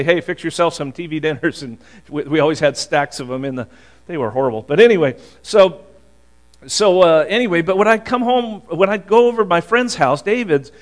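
Older pastor, higher voice, rambling story. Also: male voice. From Boston. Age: 60s. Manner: personal storytelling, halting restarts. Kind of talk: conversational sermon.

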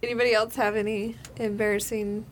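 A woman on a casual podcast chat who reacts quickly and laughs easily while sharing a story. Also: medium pitch, level tone, noisy background.

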